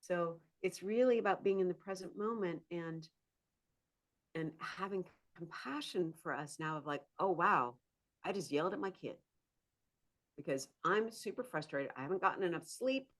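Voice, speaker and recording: A woman's voice: lowish voice, normal speed. A woman, a psychotherapist turning to coaching, talking animatedly as a podcast guest. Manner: animated, acts out inner voices and laughs often. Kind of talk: conversational interview.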